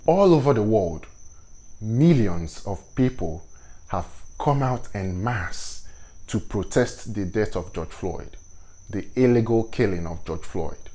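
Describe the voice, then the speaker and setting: A man with a Nigerian accent, whose first language is Igbo, hosting a vlog and giving commentary on current events in a measured, deliberate and earnest way. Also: on the low side, expressive, dark tone. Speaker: host.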